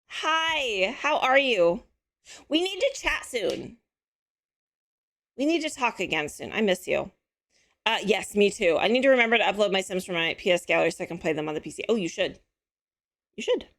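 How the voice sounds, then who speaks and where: A chatty woman streamer with a slightly hoarse voice talks easily to her viewers, reading and answering their messages as she goes. Her pitch rises and falls a lot. She keeps a friendly, casual tone throughout. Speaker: live-stream host.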